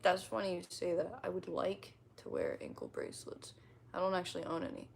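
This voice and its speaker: A woman's voice: lowish voice, huge pitch swings, a little fast, vocal fry, soft background music. Laughing, swearing woman chatting on stream. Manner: laughs often, swears freely, rambling and self-deprecating. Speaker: livestreamer reading chat comments. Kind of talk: casual livestream chat.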